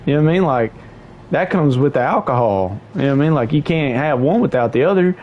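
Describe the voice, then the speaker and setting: Animated young man telling a story. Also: fast, dull audio. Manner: animated, swearing, slangy, jumps up in pitch for quoted voices. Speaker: livestream host. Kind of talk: casual storytelling chat.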